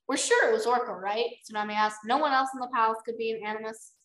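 A young woman co-hosting a podcast, reading a book aloud and breaking off into excited, animated reactions. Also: on the high side, fast talker, hardly any pauses. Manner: animated, bursts into exclaims and laughs. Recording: echoey room.

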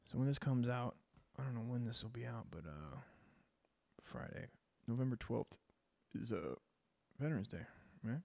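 A man's voice: mid-range voice, normal speed, creaky, pauses often, dark tone, dry recording. Man ranting crudely, dry sound. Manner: crude, rambling, says "dude" constantly. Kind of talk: rambling profane monologue.

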